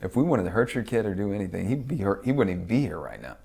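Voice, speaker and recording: Interview guest, male, low and gravelly voice, profane and lively storyteller who acts out the quotes. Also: fast.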